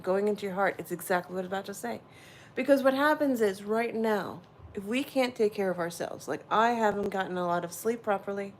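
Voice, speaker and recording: A woman hosting a casual spiritual livestream, rambling warmly and answering her viewers' chat directly. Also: mid-range voice, slight background noise. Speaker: livestream host.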